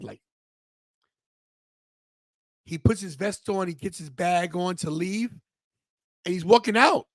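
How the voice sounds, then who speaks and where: A middle-aged podcast host tells a personal story in a high-pitched voice, taking it slowly and pausing often, with no echo. His storytelling monologue is emotional and animated, and he acts out the people involved by quoting their voices.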